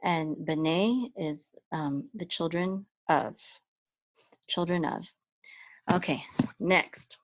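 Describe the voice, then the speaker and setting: A woman teaching Hebrew letters step by step, patient and explaining with fillers, breaking into high chanting for words. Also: drawn-out words, pauses often, dry recording. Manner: chants words in a much higher, louder voice. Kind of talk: step-by-step Hebrew reading lesson. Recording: dry, dull lo-fi sound.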